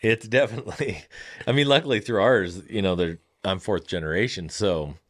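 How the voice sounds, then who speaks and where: Deep-voiced farmer, earnest and reflective. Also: male voice. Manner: earnest and reflective, halting restarts. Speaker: farm owner, podcast guest. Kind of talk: casual interview chat.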